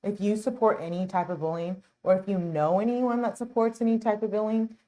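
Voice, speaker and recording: A woman's voice: medium pitch, steady tone, brisk, warm tone. A woman hosting a true crime channel, talking casually and earnestly over footage she plays. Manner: earnest, outspoken, chatty.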